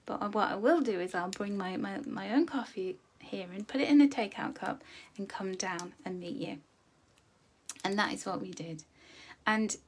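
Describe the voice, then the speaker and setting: A woman's voice: medium pitch, normal speed. A woman from the United Kingdom coaching a live budgeting tutorial, chatty and encouraging with plenty of ums. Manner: chatty, encouraging, addresses viewers as "my loves".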